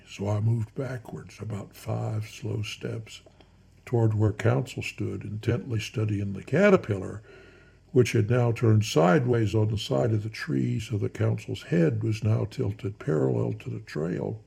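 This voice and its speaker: A man spins a folksy yarn in a deeply gravelly, husky voice. His tone is dark and mellow, and he slows into soft, hushed asides. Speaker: storyteller. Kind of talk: spoken storytelling.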